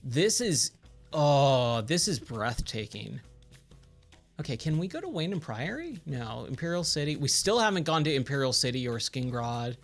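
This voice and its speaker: A man's voice: on the high side, sing-song, normal speed. A man chatting casually on a gaming livestream, easily amazed and thanking viewers, with faint game music behind.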